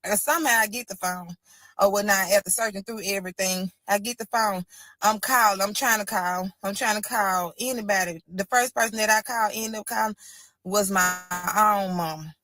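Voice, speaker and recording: A woman's voice: mid-range voice, normal speed, sharp tone, no echo. Woman retelling a frightening story. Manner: tense, repetitive retelling, speaks straight to viewers. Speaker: storyteller in a played clip. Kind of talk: first-person storytime.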